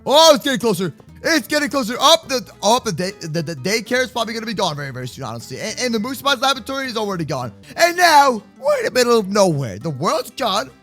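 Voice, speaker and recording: A man hosting a game roleplay video, talking in a loud, hyper, jokey way and stammering into quick repeats. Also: high-pitched, huge pitch swings, faint music behind. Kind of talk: excited game roleplay commentary.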